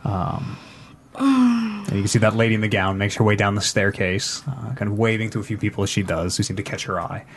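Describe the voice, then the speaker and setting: A man's voice: lowish voice, expressive, a little fast, slight background noise. A man narrating as game master in a tabletop game, easygoing and often laughing.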